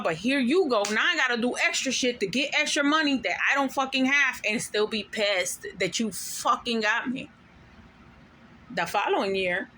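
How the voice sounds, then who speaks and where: A woman's voice: high voice, bright, forceful tone. A woman telling a personal story to camera in a profane, emphatic, venting way, now and then dropping Spanish slang. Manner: drops Spanish slang words. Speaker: mother of five.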